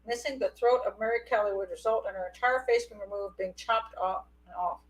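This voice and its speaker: A woman's voice: medium pitch, steady tone, fairly quick, low-quality recording. A woman hosting a live call-in show, talking in a chatty, rambling way and laughing often. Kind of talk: casual live call-in chat.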